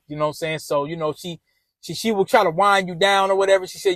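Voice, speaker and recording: A man's voice: high-pitched, very animated, normal speed, long pauses, fairly bright tone, no room sound, rough recording. A man casually telling a rambling, profane personal story with lots of restarts.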